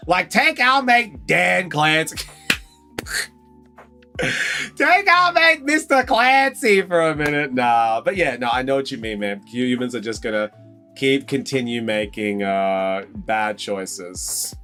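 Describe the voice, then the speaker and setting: A young Australian man hosting a casual live stream, chatty and excitable, calling viewers mate and bro and breaking into loud, high exclamations. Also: takes it slowly, soft background music. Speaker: live stream host opening trading card packs.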